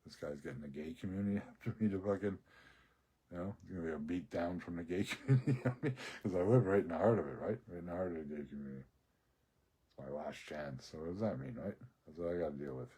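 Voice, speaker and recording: Low husky man ranting profanely. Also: very fast, warm tone. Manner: profane, rambling, laughs often. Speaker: social media ranter. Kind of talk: rambling personal rant.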